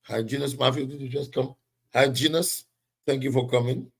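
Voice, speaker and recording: Husky man ranting politics. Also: mid-range voice, fairly even intonation, moderate pace. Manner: heated, emphatic, greets viewers by name. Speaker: political commentary show host. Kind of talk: live-stream political commentary.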